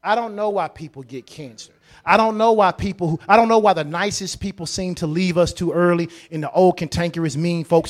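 A high-voiced man preaches a sermon. He repeats his phrases and swings between hushed asides and loud, emphatic declarations. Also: a little fast. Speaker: pastor.

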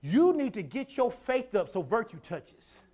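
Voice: mid-range voice, sing-song, unhurried. Emphatic preacher who repeats key phrases. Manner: builds from quiet to loud passages; stammers and restarts on phrases. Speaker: pastor. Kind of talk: sermon.

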